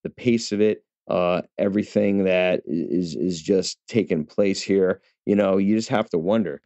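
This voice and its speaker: A man's voice: deep voice, normal speed, warm tone, no room sound. A man giving a chatty, casual film review, talking straight to his viewers with many fillers and restarts. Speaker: movie reviewer. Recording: dull, lo-fi dry recording.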